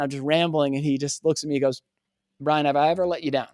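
A man guesting on a podcast, telling a personal story in an earnest, animated way and acting out the dialogue. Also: a little high, fast, dry recording, clean studio sound. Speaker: podcast guest, communication coach.

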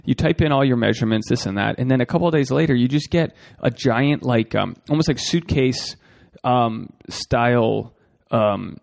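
A man's voice: medium pitch, normal speed, vocal fry, darkish tone. A man hosting a solo podcast, rambling and swearing freely as he talks straight to his listeners. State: a bit out of breath. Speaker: podcast host.

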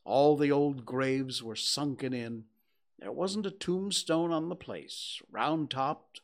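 Slow, gravelly male storyteller. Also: mid-range voice. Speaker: narrator. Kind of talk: audiobook narration.

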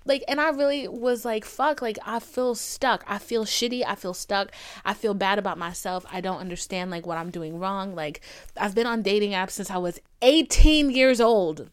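On her podcast, a young woman launches into a casual, meandering story about her love life, swearing freely and dramatically quoting others in exaggerated voices. Her mid-range voice is smooth and her speed normal.

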